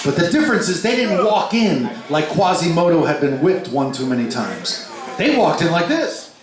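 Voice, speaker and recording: A man telling a story live between songs, animated and swinging his pitch for the voices he quotes, swearing freely. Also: moderate pace. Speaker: stage performer telling a story. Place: large concert hall before a live crowd. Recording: echoey live hall with crowd.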